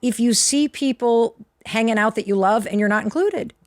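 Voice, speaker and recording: A woman's voice: a little high, normal speed, dry recording, clean studio sound. A woman appearing as a guest author on a podcast, confidently explaining her idea in a coaching tone. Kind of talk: podcast interview.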